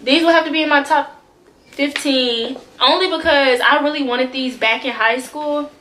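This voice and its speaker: A young woman hosting a casual shoe-collection vlog, slangy and animated, swearing freely and talking straight to her viewers. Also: high voice, moderate pace, roomy sound, slight background noise. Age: young adult. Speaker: vlogger. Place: bedroom with shoes behind her.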